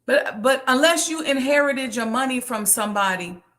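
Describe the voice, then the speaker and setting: A woman's voice: sits high, animated, moderate pace, fairly bright tone. A woman hosting a business question show, talking in an impassioned, preachy monologue and repeating phrases for emphasis.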